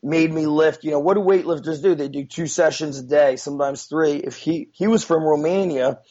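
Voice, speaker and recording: A man's voice: a little high, normal speed, warm tone. A man telling a story as a guest in a casual, rambling way, with many fillers and frequent swearing, on a dull lo-fi recording. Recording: dull lo-fi sound.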